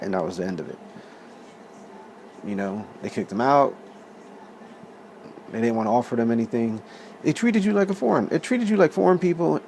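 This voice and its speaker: A man's voice: mid-range voice, slight background noise. Profane casual storyteller man. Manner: profane, animated, laughs often. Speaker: vlog host.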